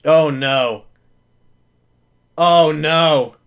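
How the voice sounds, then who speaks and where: A man's voice: a little high, extremely slow, smooth. A man calling a football game live as a fan, narrating each play and then pleading with the referees and groaning at the calls.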